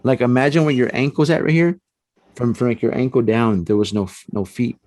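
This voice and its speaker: A man telling a personal ghost story on a podcast, animated and acting out the voices in his tale. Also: medium pitch, fairly quick, dry recording. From San Antonio, Texas. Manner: animated storyteller, acts out quotes, frequent restarts and "man". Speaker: paranormal investigator guest.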